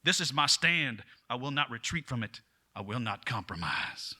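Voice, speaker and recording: A man's voice: mid-range voice, big pitch swings, moderate pace, pushed and bright, full character voice. A man voicing a Southern legislator giving a grand, declamatory floor speech with a Southern US accent. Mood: oratorical. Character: booming Southern male legislator orating.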